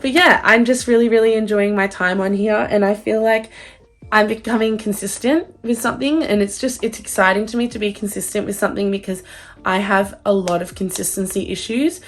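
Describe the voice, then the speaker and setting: A woman's voice: medium pitch, a little fast. Gushing young woman vlogger. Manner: gushing, excitable, swears freely. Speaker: book vlogger. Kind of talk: casual vlog outro.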